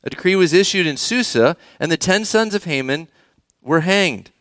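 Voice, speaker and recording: A man's voice: fairly high pitch, expressive, normal speed, a bit bright, no echo, studio quality. Man preaching, engaging the children. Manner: engaging, asks the children questions. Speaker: pastor. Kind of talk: sermon with scripture reading.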